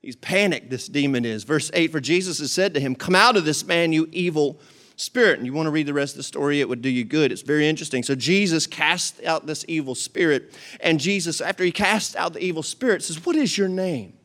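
Animated preacher man, high voice. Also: brisk. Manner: animated, reads scripture aloud then explains in casual asides; jokes and talks to the congregation. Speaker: pastor. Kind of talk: sermon.

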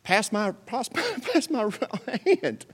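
A male pastor preaching a sermon to his congregation in an animated storytelling manner, with humor and acted-out voices. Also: very high-pitched, slow, breathy edge. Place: church service with a live congregation.

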